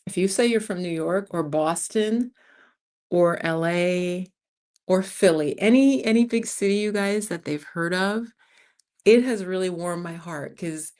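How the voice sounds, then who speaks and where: A woman over fifty from the United States, hosting a casual livestream and chatting with viewers, telling stories with lively acted-out quotes. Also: fairly low pitch, measured pace. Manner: animated storyteller, acts out other people's lines. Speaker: livestream host. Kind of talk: casual live-chat talk to viewers.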